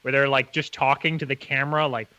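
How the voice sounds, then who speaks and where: A man's voice: medium pitch, flat delivery, fast talker, pushed and bright. A man co-hosting a casual comics podcast, talking enthusiastically and rambling with lots of fillers. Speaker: podcast co-host.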